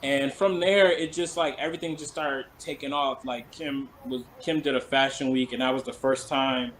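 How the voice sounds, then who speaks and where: A man's voice: mid-range voice, steady tone, moderate pace, a bit bright, slight background noise, poor audio. A man who works as a celebrity stylist, talking casually in an interview, rambling and filling his story with "like.". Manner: rambling, full of "like" fillers.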